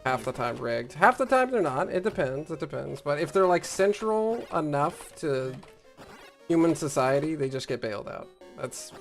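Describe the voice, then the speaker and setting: A man's voice: a little high, sing-song, moderate pace, vocal fry, faint music behind. A man chatting casually on a stream, tossing in loose asides. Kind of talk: casual chat.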